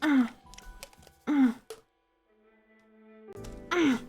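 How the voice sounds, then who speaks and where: A young adult woman streamer chatting casually with viewers in a playful, teasing way, with sudden squeaky outbursts. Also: very slow, a little mellow. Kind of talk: casual chat reacting to viewers. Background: faint music.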